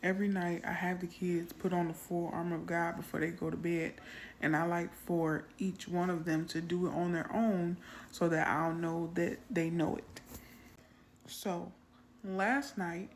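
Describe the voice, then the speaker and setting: Storytelling mother, low-ish voice. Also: unhurried, a little hiss or hum. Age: adult mother. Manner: storytelling, animated when quoting her child. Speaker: Christian content creator. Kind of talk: casual testimony to camera.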